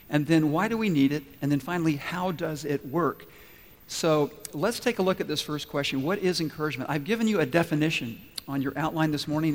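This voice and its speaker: A pastor delivering a sermon to his congregation, illustrating his points with stories and acted-out voices. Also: on the high side. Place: church sanctuary. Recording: long reverb of a church hall.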